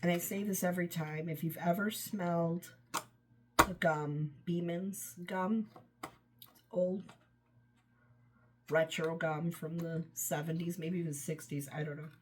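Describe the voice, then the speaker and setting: A woman's voice: on the low side, steady tone, measured pace, long pauses, a little hiss or hum. A woman casually reviewing wax scents, rambling and enthusiastic, trailing off often, her voice tired and run down. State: voice tiring, run down. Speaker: home fragrance vlogger.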